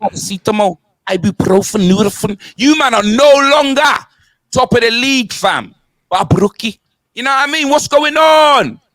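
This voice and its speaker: A man's voice: high voice, expressive, normal speed, a bit bright, dry recording. A young man with a London accent hosting comedic football banter, rattling off slang and sing-song punchlines.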